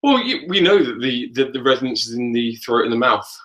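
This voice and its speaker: A man's voice: medium pitch, animated, brisk, a bit bright, low-quality recording. Male vocal coach, mid-range voice, easygoing and encouraging, casual webinar chat. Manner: easygoing, encouraging, hesitant fillers.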